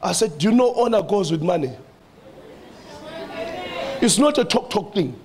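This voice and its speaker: A man preaching a sermon in church with a South African accent, animated, repeating phrases and calling out to the congregation. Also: high voice, moderate pace, a faint crowd, slight background noise.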